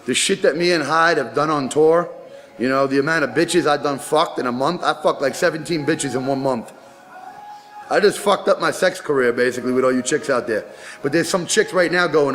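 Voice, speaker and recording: A man's voice: fairly high pitch, fairly quick, fairly bright tone. A man, a rapper, talking casually in an interview and telling boastful, profane stories.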